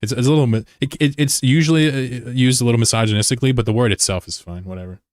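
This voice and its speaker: A man from the United States with a medium-pitched voice races through a casual live stream, recorded without echo. He rambles and jokes while answering his viewers' chat messages.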